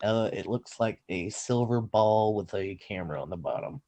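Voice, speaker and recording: Animated man retelling a film. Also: on the low side, normal speed. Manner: animated storytelling, swearing, acting out lines. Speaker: podcast co-host recapping a film. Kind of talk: casual chat.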